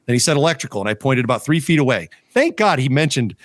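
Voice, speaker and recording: Podcast co-host, male, animated profane storyteller, dry close sound. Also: mid-range voice, quick pace, dry recording. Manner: animated, swearing, laughing storyteller. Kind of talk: casual storytelling chat.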